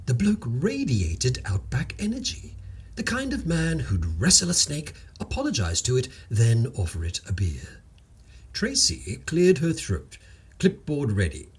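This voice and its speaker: Husky man narrating a comic tale. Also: medium pitch, wildly swooping pitch, unhurried. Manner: wry, playful storytelling.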